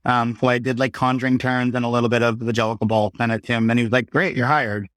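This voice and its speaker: A man in his thirties, a podcast guest, telling lively stories in casual talk and acting out the quotes. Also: medium pitch, rapid-fire, dry recording, studio quality. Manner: animated storyteller, acts out quotes. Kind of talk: casual conversation.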